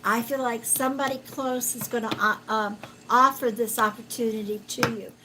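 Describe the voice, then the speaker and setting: A woman giving a live-stream card reading as a psychic, talking gently and haltingly with many fillers and calling viewers sweetheart. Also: fairly high pitch, fairly even intonation, noisy background. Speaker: psychic reader.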